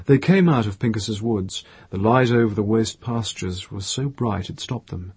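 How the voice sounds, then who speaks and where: Slow, husky male audiobook narrator. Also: on the low side, a little mellow, no room sound. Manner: slow, measured reading. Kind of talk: scripted narration.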